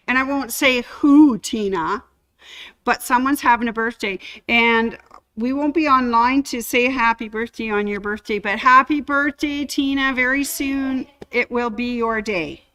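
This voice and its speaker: Unhurried sewing shop lady chatting on a livestream, bright voice, rambles and greets viewers. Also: high voice. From Canada. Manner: chatty, rambling, gives shout-outs to viewers. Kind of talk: casual livestream chat.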